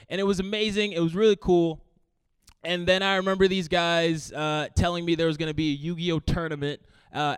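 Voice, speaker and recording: A young man from Brooklyn performs a comic personal story for a live crowd. His voice is smooth and resonant, and sits slightly high for a man. The sound is dry and close, with a playful, lively delivery. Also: no echo. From Brooklyn, New York. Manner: lively, playful, quotes himself and friends. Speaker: storyteller, comedian.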